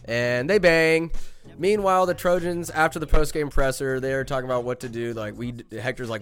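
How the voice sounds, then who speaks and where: A podcast host with a mid-range, slightly bright voice retells a movie plot as a comedic recap, animated and rambling, full of fillers and asides, at normal speed.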